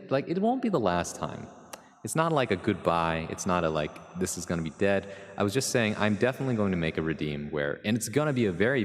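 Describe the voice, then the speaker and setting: A man's voice: sits low, big-room sound. An American man streaming live, chatting in a rambling, jokey way straight to his viewers. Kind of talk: casual chat with live chat.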